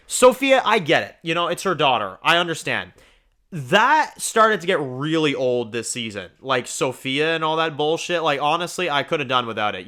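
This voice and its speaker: A man's voice: on the high side, pushed and bright. A young man hosting a TV review channel, talking casually in a rambling, profane way with many fillers and restarts. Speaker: TV review host.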